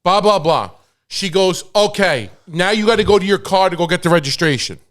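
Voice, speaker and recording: A man, co-hosting a podcast, telling a story in a casual, profane, animated way and acting out the quoted dialogue. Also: high voice, fairly quick. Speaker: podcast co-host.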